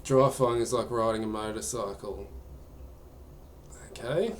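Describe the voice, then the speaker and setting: A man's voice: fairly low pitch, a little slow, slight background noise. A man chatting casually during a live gaming stream, answering viewer questions in a rambling way.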